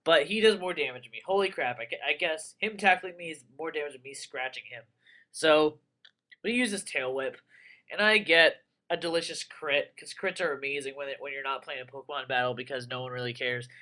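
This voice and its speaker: A young man giving casual, rambling commentary on a game he plays, excitable and full of crude jokes. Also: on the high side, a little fast. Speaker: let's player.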